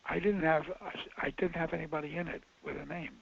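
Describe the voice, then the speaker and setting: Gravelly older man telling stories. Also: on the high side, fairly even intonation, fast, fairly bright tone, no room sound. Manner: rambling, restarting, emphatic bursts. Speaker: filmmaker guest. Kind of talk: casual anecdote. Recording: lo-fi audio.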